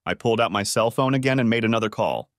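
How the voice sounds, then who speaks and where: A man narrating a dramatic first-person story in an expressive way, close to the mic. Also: on the low side, fast talker, no echo.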